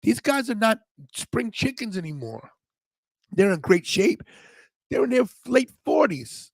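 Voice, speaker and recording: A man co-hosting a wrestling watch-along podcast, talking loud and excitable in casual chat, often cutting in over his co-host. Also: high-pitched, unhurried, gravelly, no room sound.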